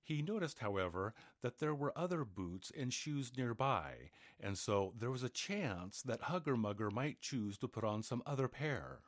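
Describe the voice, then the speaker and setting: A man narrating a fairy tale aloud in an expressive storybook reading. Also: mid-range voice, moderate pace, hardly any pauses, no room sound, studio quality. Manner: expressive, animated.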